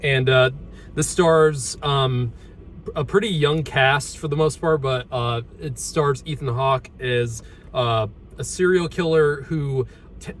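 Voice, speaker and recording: Halting man reviewing through a mask. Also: medium pitch, slight background noise. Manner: halting, many ums and restarts; talking through a horror mask. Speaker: movie reviewer, host. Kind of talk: casual movie review chat.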